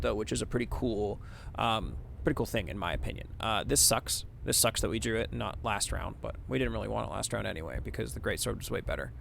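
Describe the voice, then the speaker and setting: A man's voice: mid-range voice, creaky, fairly bright tone, a little hiss or hum. A man giving casual let's-play commentary, reading the game text aloud and chatting about his choices. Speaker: gaming streamer.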